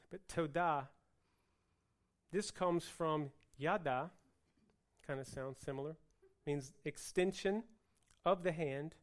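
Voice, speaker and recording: High-voiced man preaching with animated emphasis. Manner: animated, joking asides, rising to loud emphatic preaching. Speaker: pastor. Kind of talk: sermon.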